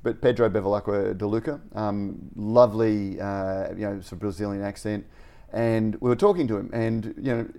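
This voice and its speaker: Mellow, low-voiced man rambling on. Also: fairly even intonation, moderate pace. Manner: chatty, rambling, laughs often. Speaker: podcast co-host. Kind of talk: casual podcast chat.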